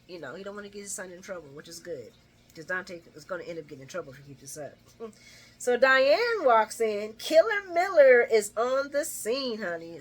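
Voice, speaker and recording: A woman's voice: mid-range voice, a little hiss or hum. A woman hosting a casual soap opera recap, chatty and familiar, retelling scenes and laughing along as she acts out the dialogue. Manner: addresses listeners familiarly. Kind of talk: casual daily show recap.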